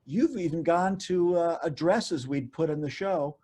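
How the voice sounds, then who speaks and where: A man chatting casually as a guest, relaxed and self-deprecating as he looks back on his writing and voice work. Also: fairly high pitch, a little slow. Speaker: guest, animation writer and voice actor. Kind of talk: casual chat.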